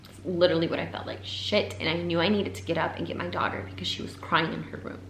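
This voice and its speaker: A young woman recounts a painful personal story to camera, her lowish voice halting and emotional, now and then sinking into a whisper. The room around her is echoey, with a faint hum of ambience behind. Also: fairly even intonation. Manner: emotional, pausing, voice breaking into whispers. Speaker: vlogger.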